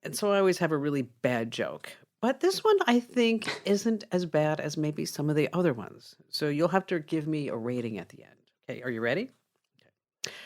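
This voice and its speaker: A woman hosting a casual tech podcast, laughing easily and telling a long joke. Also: deep voice. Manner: animated, laughs easily, tells jokes. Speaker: podcast host.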